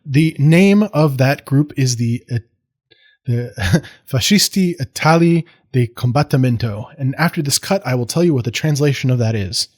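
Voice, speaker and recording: A man's voice: medium pitch, lively intonation, moderate pace, a little mellow. Casual American man giving a history lecture. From United States. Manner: casual, digressive, self-deprecating asides with fillers and restarts.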